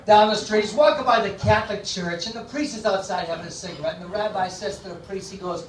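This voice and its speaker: A man's voice: sits high, quick pace, few pauses, slight background noise. A man telling jokes on stage in a comedy club, folksy, putting on voices for the people in them. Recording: echoey club from far off.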